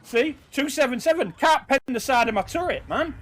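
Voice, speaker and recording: A man giving casual, sweary, excitable commentary over his own tank gameplay. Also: very high voice, moderate pace. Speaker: gaming commentator.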